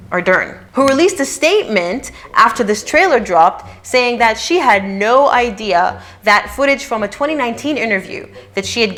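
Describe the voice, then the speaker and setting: A woman's voice: on the high side, fairly bright tone. A woman hosting a commentary vlog, talking in a sarcastic, mocking way. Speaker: commentary channel host.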